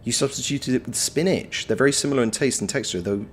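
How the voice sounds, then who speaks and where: A man's voice: medium pitch, fast, slight background noise. A man chatting casually on a game livestream, reading out his chat with wry, playful banter. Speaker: game streamer.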